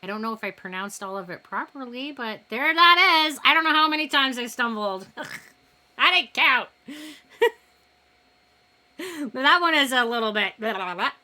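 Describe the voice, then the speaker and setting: A woman hosts a live stream in a bright, slightly tense, higher-pitched voice. She chats casually and rambles a little, laughing often at herself. Her tone stays self-deprecating throughout. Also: expressive, normal speed, long pauses. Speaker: streamer hosting a poetry night.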